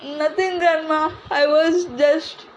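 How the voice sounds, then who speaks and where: A woman's voice: high-pitched, flat delivery, takes it slowly, a little hiss or hum, low-quality recording. A woman playing a whiny grandchild who pleads with his grandmother in a comedy skit. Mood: pleading. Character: whiny scolded grandchild boy. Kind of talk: amateur comedy cooking skit.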